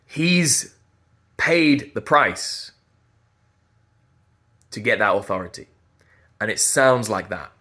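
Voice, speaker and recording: A man's voice: lowish voice, animated, slow pace, long pauses, pushed and bright. A man, a voice teacher giving an earnest, emphatic motivational talk and repeating phrases as he thinks aloud. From Yorkshire.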